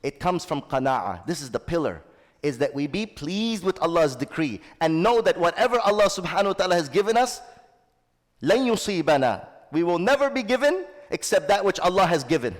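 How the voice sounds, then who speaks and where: A man's voice: on the high side, very animated, brisk. A man giving a sermon as an Islamic teacher. He recites Arabic and translates it line by line, and he calls his listeners brothers and sisters. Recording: long hall reverb.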